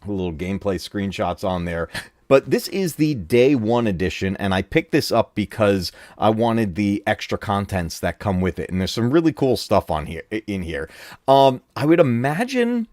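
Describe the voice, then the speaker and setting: A man hosting a casual live gaming stream from home, excitable and laughing often as he talks to his chat. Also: on the low side, no room sound, clean studio sound. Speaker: gaming channel host. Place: home room.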